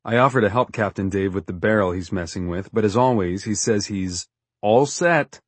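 Husky man narrating a story with dry wit. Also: lowish voice, normal speed, dry recording. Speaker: audiobook narrator. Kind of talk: scripted first-person narration.

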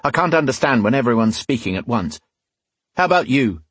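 A man's voice: medium pitch, sing-song, brisk, fairly bright tone, breathy edge, dry recording, voice pushed up. A man voicing a young man in an audiobook who speaks with a falsely polite, controlled tone that hides menace. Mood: coldly polite.

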